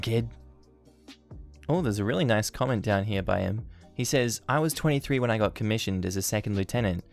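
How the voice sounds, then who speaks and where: A man's voice: fairly low pitch, creaky. A man hosting a channel, reading online stories aloud and adding amused comments between them. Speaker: story-channel host.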